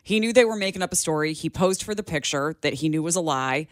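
A man's voice: on the high side, lively intonation, fast talker, no room sound, clean studio sound. A man co-hosting a talk radio show, laying out his opinions at length. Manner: opinionated, argues points at length. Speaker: radio co-host. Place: radio studio.

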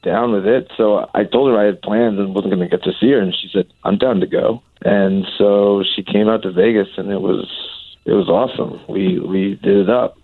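A man calling in to a radio show, relaxed and casual. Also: fairly low pitch, moderate pace, vocal fry, dry recording. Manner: laid-back, casual. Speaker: caller. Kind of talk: phone-in chat. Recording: tinny phone line.

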